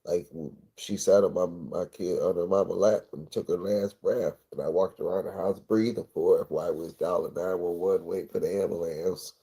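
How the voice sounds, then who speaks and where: A man livestreaming, telling a personal story in a rambling, profane, intense way with a gravelly voice. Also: low voice, fairly even intonation, normal speed, few pauses, dark tone. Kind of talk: emotional storytelling monologue.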